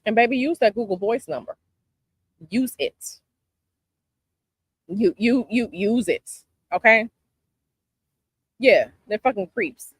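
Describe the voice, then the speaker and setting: A woman's voice: a little high, expressive, normal speed, long pauses, husky, no room sound. A woman from Chicago hosting a casual chat with her viewers outdoors, sassy and emphatic, repeating her advice. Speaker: tarot channel host. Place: outdoors by a palm tree, planes overhead.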